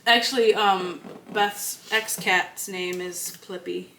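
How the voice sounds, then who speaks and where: A woman's voice: fairly low pitch, steady tone, takes it slowly, background noise. A woman co-hosting a podcast in casual chat, playful and giggly, often breaking into laughter. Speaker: podcast co-host.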